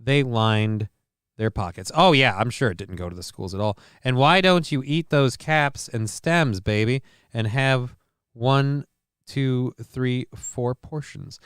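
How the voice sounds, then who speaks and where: A man's voice: mid-range voice, lively intonation, a little slow, a bit bright, clean tone, no room sound, clean studio sound. A man hosting his own live-stream show, reading news items aloud and riffing on them in a profane, rambling way. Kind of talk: casual live-stream commentary.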